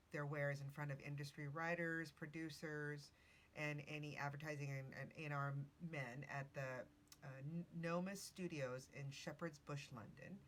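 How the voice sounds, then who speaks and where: A woman's voice: sits low, a bit bright. A woman hosting a casual podcast. She tells a story while reading from notes, correcting herself and adding chatty asides. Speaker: podcast host.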